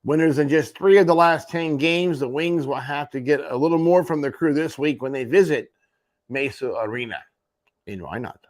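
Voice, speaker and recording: A man's voice: on the high side, normal speed. A man hosting a morning sports show, running through junior hockey standings with wry offhand asides. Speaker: host. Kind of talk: sports radio rundown.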